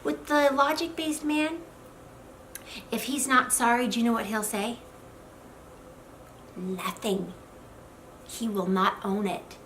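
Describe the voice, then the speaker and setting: A high-pitched middle-aged woman gives marriage advice straight to the camera. She talks with animated, expressive energy and acts out the voices she quotes. A faint hiss of room ambience sits behind her. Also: rough recording. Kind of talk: direct-to-camera advice talk.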